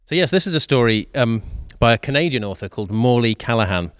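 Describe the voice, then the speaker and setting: A man acting as storyteller, reading a short story aloud at an even, measured pace. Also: mid-range voice, slight background noise.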